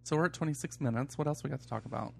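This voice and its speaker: A man's voice: a little high, rapid-fire, creaky, a little mellow, a little hiss or hum. A man co-hosting a casual podcast, joking around, reading listener emails and running through the show order. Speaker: podcast co-host.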